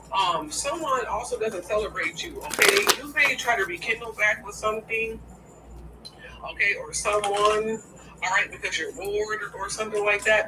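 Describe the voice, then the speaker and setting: A woman giving a casual tarot reading to her viewers, blunt and profane, often asking "okay?". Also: medium pitch. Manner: keeps checking in with "okay?". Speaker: tarot reader. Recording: distant mic with steady background noise.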